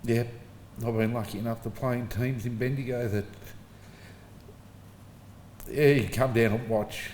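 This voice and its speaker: A man's voice: medium pitch, fairly even intonation, measured pace, pauses often, a little mellow, slight background noise. A middle-aged Australian man giving an informal eulogy for his father, telling casual stories with the odd chuckle. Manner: casual storytelling, chuckling between anecdotes. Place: funeral service hall. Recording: echoey hall with faint ambience.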